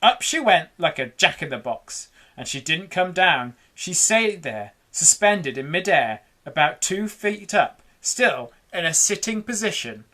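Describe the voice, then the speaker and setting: A woman reading a children's book aloud in an animated, dramatic way. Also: lowish voice, measured pace, few pauses. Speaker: storyteller.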